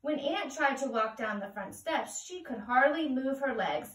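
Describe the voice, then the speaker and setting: Slow, gentle woman reading a picture book. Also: high-pitched, lively intonation. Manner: gentle, sing-song read-aloud. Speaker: children's storyteller. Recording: roomy, heard from a distance.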